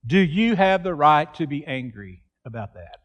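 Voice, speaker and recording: A man's voice: fairly high pitch, sing-song, moderate pace, lo-fi sound. A man, preaching an earnest sermon in church and acting out quoted pleas. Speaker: pastor.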